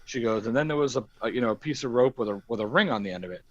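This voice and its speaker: Talking very fast at a medium pitch, a streamer delivers a profane, animated anecdote and performs the quotes. The sound is lo-fi, with no room sound.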